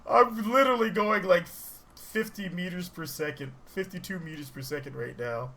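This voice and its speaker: A man giving casual, rambling game commentary, excitable and laughing often as he plays. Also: high-pitched, normal speed. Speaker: gaming channel host. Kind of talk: casual let's-play commentary.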